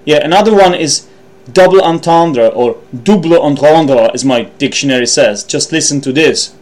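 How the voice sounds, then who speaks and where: A man's voice: a little high, normal speed. A man hosting an English-learning podcast, explaining vocabulary in a loose, thinking-aloud way, with frequent ums and restarts while partly reading from notes. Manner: hesitant, thinking aloud with many ums and self-corrections. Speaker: English teacher and podcast host.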